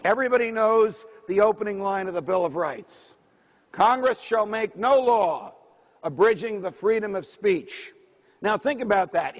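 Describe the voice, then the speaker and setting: A man's voice: high voice, husky. Emphatic man giving a speech. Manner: emphatic, rhetorical lecturing. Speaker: speaker. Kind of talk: political speech. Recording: reverberant hall.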